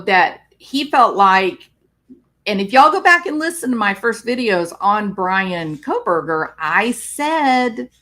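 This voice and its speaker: A woman's voice: fairly high pitch, fairly bright tone. A woman psychologist talking on a live stream, explaining clinical topics and answering viewer comments.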